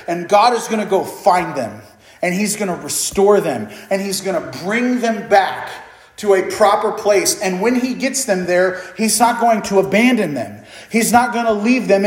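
High-voiced man preaching in an echoey room. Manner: earnest, emphatic preaching with repeated phrases. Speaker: pastor. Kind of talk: sermon.

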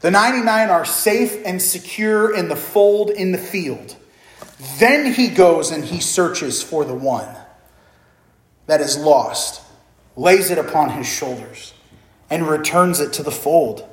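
High-voiced man preaching in an echoey room. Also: animated, takes it slowly. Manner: earnest, emphatic preaching with repeated phrases. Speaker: pastor. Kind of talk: sermon.

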